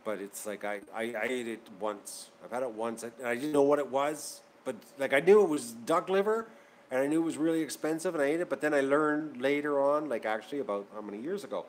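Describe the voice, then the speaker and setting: A man's voice: mid-range voice, brisk, a little hiss or hum. A man hosting his channel, talking casually to viewers, rambling and repeating himself as he gets worked up. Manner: rambling and repetitive, getting worked up. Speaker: channel host. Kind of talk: casual vlog chat to viewers.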